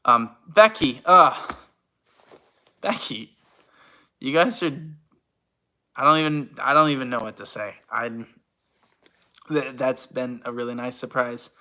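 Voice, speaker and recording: A man's voice: mid-range voice, a little slow, pauses often, bright, forceful tone. A young man, an actor and YouTuber, casually chatting on a livestream, reading out comments and thanking viewers, laughing often in a rambling, self-deprecating way. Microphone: phone.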